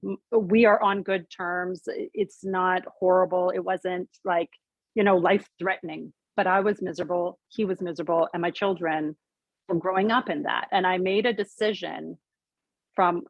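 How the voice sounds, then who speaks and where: A woman's voice: fairly low pitch, fairly even intonation, moderate pace, no room sound, highs cut off. A woman sharing her personal story on a video call, earnest and heartfelt, with many "like" fillers.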